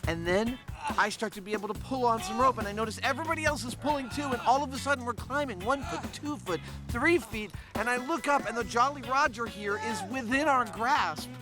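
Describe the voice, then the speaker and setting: High-voiced man recounting a stunt. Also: lively intonation, a little fast. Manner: storytelling, matter-of-fact. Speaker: show host. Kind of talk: recounting in an interview. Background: music.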